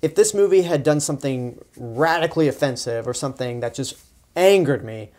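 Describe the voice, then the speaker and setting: A man's voice: medium pitch, animated, fairly quick, darkish tone. A young man giving a casual, sarcastic movie review, sounding exasperated and rambling with frequent restarts. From Texas. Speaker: film reviewer.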